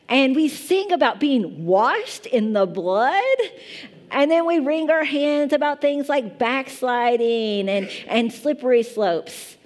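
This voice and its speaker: A woman's voice: high-pitched, lively intonation, slow, darkish tone. A woman pastor in her thirties from Kentucky with a strong Kentucky accent, preaching a chatty, self-deprecating sermon. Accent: Eastern Kentucky.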